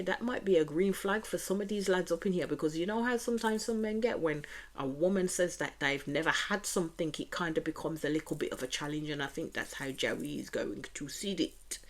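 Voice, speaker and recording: Woman, Birmingham accent, deep-pitched for a woman, casual reaction review, chatty, opinionated. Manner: chatty, opinionated, often repeats stock phrases. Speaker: reality show reviewer.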